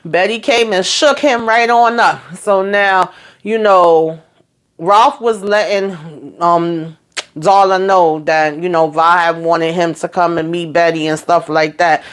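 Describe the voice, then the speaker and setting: A woman chatting casually through a TV episode recap, retelling scenes in a lively, filler-filled way. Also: on the low side, slow, smooth. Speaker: TV show recap vlogger.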